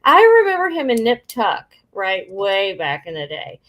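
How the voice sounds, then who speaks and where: A woman co-hosting a casual chat, blunt, teasing and expressive. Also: medium pitch, unhurried, a crowd in the background. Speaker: co-host.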